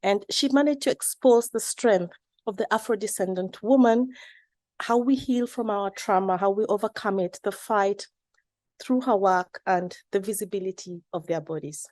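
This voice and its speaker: A woman's voice: medium pitch, moderate pace, darkish tone, no room sound, clean studio sound. A woman judge announcing an award winner, with informal asides.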